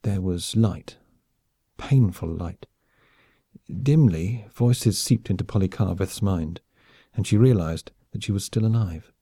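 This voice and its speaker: A man narrating an audiobook in a brisk, wry storytelling manner. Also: low-pitched, warm tone, slightly rough, no echo. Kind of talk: scripted narration.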